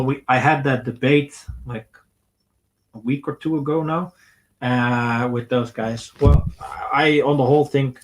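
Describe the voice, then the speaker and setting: A man's voice: medium pitch, darkish tone, rough recording. A young man, bluntly reading out viewer questions and giving his opinions on a casual livestream. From Netherlands. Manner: blunt and opinionated, reads out questions then answers. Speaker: streamer answering viewer questions.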